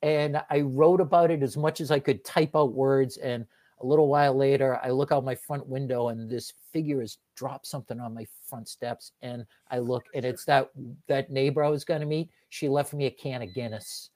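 A man's voice: mid-range voice, fairly even intonation, moderate pace, a little mellow. A man guesting on a sports podcast, chatting casually with dry, self-mocking humor. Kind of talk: casual chat.

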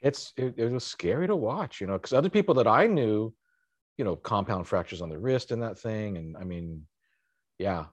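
Low-voiced man, dry close sound. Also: lively intonation, normal speed, dry recording. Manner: easygoing and reminiscing, trailing off softly. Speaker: podcast host. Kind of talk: casual conversation.

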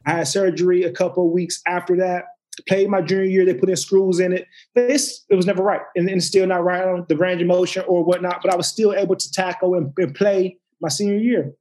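A man's voice: high-pitched, a little fast. A man, a former football player, telling stories in casual chat, acting out quotes and restarting his sentences often. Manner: animated, acts out quotes, lots of restarts and swearing. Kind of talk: casual storytelling.

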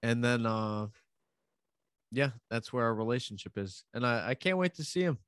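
A man's voice: medium pitch, normal speed, clear, resonant tone, dry recording. New man telling gossip, dry sound. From New York, USA. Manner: animated storyteller, mimics other people's voices. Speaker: podcast guest telling stories. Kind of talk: casual chat.

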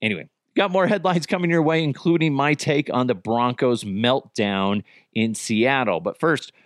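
A man's voice: mid-range voice, moderate pace, dry recording, clean studio sound. A middle-aged man hosting a podcast, ranting about news headlines in a profane, exasperated, comedic way. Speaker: podcast host.

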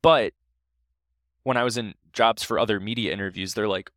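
Low-voiced man telling a story. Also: no room sound, studio quality. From Ohio. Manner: animated, halting storyteller with many restarts. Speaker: podcast guest. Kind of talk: casual storytelling interview.

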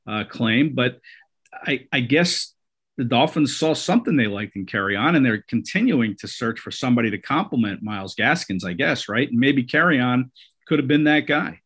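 A man's voice: medium pitch, animated, normal speed, fairly bright tone, husky. A man hosting a casual sports talk show, conversational, with many fillers and restarts. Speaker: sports podcast host.

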